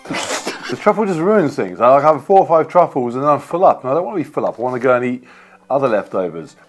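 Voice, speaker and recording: Male vlog host, mid-pitched voice, jokey chatty delivery, for a food taste-test. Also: big pitch swings, fast talker, over music. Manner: playful, chatty, joking. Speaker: vlogger host.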